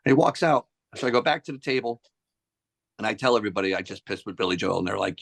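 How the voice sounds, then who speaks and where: A man's voice: on the low side, fast talker, vocal fry. A middle-aged man, a musician being interviewed, telling casual stories and acting out the people in them. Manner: animated anecdotes, acts out quoted voices. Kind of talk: casual storytelling.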